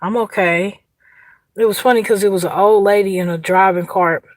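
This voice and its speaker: A woman with an Indiana (US Midwest) accent hosts an outdoor livestream, casually telling a story, chatting, laughing and greeting viewers by name. Her voice is mid-range and steady in tone, her pace quick, and the recording dry.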